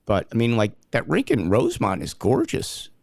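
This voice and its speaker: A man's voice: mid-range voice, huge pitch swings, normal speed, vocal fry, no echo, studio quality. A man co-hosting a casual hockey podcast, chatting and giving folksy tips to listeners. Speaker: podcast co-host. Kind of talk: casual chat.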